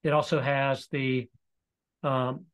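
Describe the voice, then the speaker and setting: A man presenting a live webinar, walking through software in a relaxed, explanatory way with frequent fillers. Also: medium pitch, slow, clear, resonant tone. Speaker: presenter demonstrating e-learning software.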